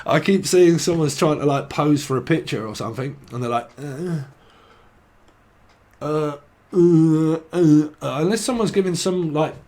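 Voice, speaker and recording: A man's voice: on the high side, lively intonation, fairly quick, hardly any pauses, darkish tone. A man giving a casual tarot reading, rambling and jokey, swearing now and then and riffing on word associations. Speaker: tarot reader.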